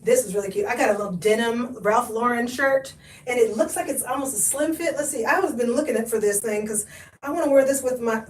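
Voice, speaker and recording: A chatty, high-voiced woman shows off her thrift finds to viewers on a live stream. She is sniffly from allergies. The sound is echoey, with the mic set back from her in the room. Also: brisk, distant mic. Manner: chatty and expressive, talks to viewers, laughs often. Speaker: thrift haul host. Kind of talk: live-stream haul chat.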